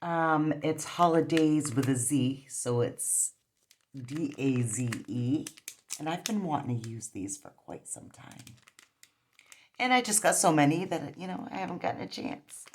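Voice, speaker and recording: Very low-voiced chatty woman vlogger. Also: expressive, unhurried, slight background noise. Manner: rambling, chatty, many fillers. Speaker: nail polish vlogger. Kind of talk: casual tutorial chat.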